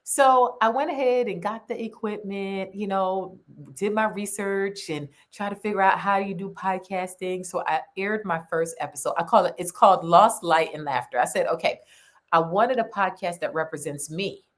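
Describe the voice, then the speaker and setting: A woman author and podcaster, a guest on an interview show, telling her story in a casual, animated way and laughing often. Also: medium pitch, moderate pace.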